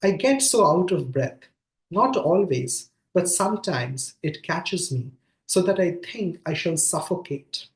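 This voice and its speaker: A man reading aloud the quoted lines of an anxious eighteen-year-old woman, in a plain voice pitched slightly higher than his own. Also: animated, measured pace. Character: anxious young woman, eighteen, breathless with nerves. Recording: echoey room sound.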